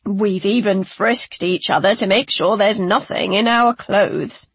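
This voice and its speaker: A woman's voice: mid-range voice, unhurried, breathy edge, no room sound. A woman voicing an earnest man from a ship's crew.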